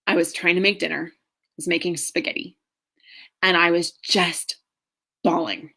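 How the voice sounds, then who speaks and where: A middle-aged woman, a marriage coach, tells her own hard story in an earnest, heartfelt way. Her voice sits a little low, and she leaves slow pauses as she talks. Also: fairly even intonation, fairly bright tone. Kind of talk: personal story talk.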